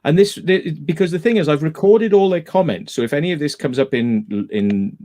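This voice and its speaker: A man's voice: on the high side, animated, moderate pace, mellow. A man hosting a live stream in casual chat, retelling a dispute emphatically and going back over the same points.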